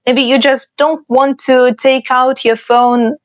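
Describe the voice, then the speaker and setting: Slow, careful woman language teacher. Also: high voice, steady tone. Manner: slow, careful modelling of words. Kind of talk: explanatory online lesson.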